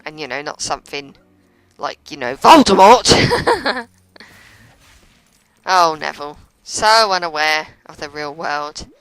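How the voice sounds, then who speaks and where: Low, bright-voiced woman gamer. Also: normal speed, clear, resonant tone, rough recording. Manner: chatty and sarcastic, laughing often. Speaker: let's play commentator. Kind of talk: casual gameplay commentary.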